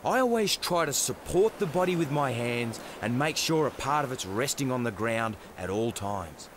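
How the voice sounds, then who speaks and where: Excitable Australian man in the field. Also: medium pitch. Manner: excitable and animated, quick exclamations. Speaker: wildlife documentary presenter. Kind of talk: on-location wildlife presenting. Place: outdoors in the bush. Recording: noisy outdoor field recording.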